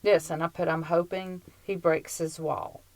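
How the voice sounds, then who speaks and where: A woman's voice: deep voice, level tone, measured pace, no room sound, rough recording. A woman co-hosting a podcast in casual chat, blunt and dry-witted with her opinions. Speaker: podcast co-host.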